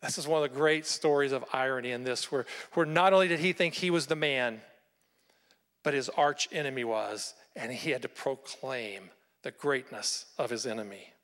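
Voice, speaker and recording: A man preaching a sermon, retelling a Bible story with lively storytelling and rhetorical questions to his listeners. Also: mid-range voice, moderate pace, in a large hall. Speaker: pastor.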